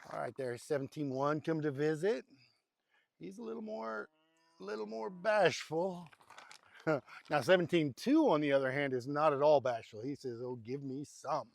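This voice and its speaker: A man casually narrating to camera at a farm cattle pen. He rambles and coaxes the animals in a soft voice. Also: a little high, moderate pace, gravelly. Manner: rambling and chatty, coaxing the animals softly. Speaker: homestead vlogger. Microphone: handheld or nearby camera mic.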